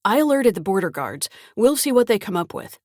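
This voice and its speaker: A weary male FBI agent makes low, wry remarks, voiced by a woman reading an audiobook. The recording is close and dry. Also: very animated, fairly quick, darkish tone, dry recording.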